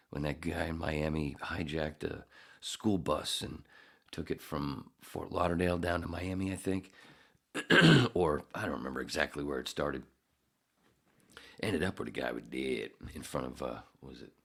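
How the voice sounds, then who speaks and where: Male podcast host, husky low voice, profane rambling monologue. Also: fairly bright tone. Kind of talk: casual monologue.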